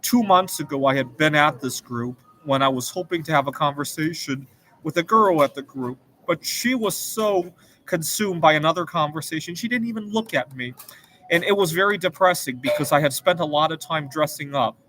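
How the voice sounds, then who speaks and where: Earnest rambling man, slightly high voice. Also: moderate pace, sharp tone, slight background noise, poor audio. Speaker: show host. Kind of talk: casual personal monologue.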